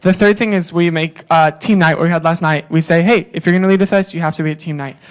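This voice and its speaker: A man's voice: fairly high pitch, fairly even intonation, quick pace. A young man, a worship leader, speaking candidly and casually at a church conference session, with many fillers.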